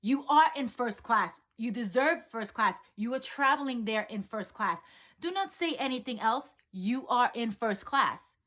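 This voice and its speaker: Unwavering mentor, voiced by a woman: emphatic, insistent, a touch loud. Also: on the high side, expressive, measured pace. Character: man, a firm, unwavering mentor.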